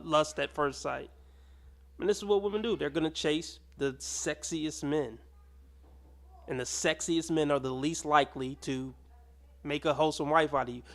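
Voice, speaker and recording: A man's voice: fairly high pitch, a bit bright. A man giving blunt, mocking commentary as he reacts to clips. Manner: blunt, mocking, swears freely.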